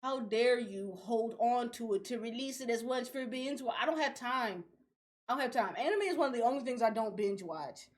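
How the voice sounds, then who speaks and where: A young woman, co-hosting a casual podcast, ranting in an animated, profane way and laughing often. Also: on the high side, moderate pace. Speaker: podcast co-host.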